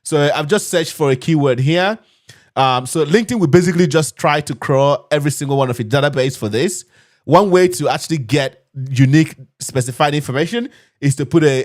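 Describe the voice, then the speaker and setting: A man hosting a live screen-share tutorial on cybersecurity, chatty and upbeat, talking straight to his viewers. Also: on the high side. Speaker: cybersecurity instructor hosting a live learning session.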